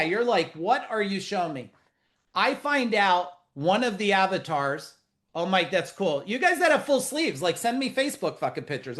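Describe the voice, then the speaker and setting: A middle-aged man hosting a live business webinar over a video call, talking casually, bluntly and profanely with lots of jokes. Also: high-pitched. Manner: blunt, profane, animated and joking.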